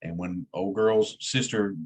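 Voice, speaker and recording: A man's voice: low voice, steady tone, a little slow, darkish tone. A man teaching an EMT class in a plain-spoken way, repeating key words for emphasis. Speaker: EMT instructor. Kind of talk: classroom lecture.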